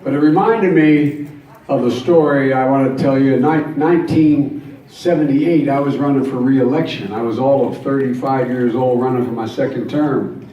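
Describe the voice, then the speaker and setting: A man's voice: mid-range voice, moderate pace, highs cut off. Older man speaking folksy in an echoey hall. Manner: folksy storytelling, jokes and earnest emphasis. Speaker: guest speaker at a campaign rally. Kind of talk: campaign speech with anecdotes. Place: large convention hall. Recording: echoey hall, distant mic, faint noise.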